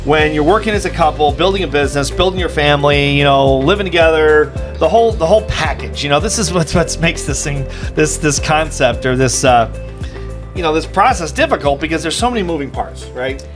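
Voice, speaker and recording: A man in his fifties tells a family story on a podcast, looping back with restarts and "you know" as he goes. His voice sits a little high for a man. Faint music plays underneath. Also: brisk. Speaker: podcast co-host. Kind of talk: casual storytelling chat.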